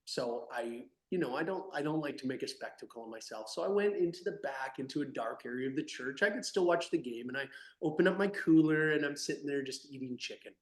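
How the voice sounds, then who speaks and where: Animated, emphatic man in an echoey room. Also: mid-range voice, a little fast. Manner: animated and emphatic, swinging between loud bursts and soft asides. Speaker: podcast guest, company founder. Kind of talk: energetic interview talk.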